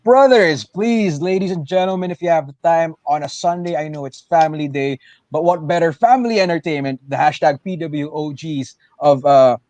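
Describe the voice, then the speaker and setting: A man who is a pro wrestler, co-hosting a casual livestream chat over a video call, excitable and animated. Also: on the high side, fairly quick, dry recording. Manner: excitable, animated, jumps between loud and soft.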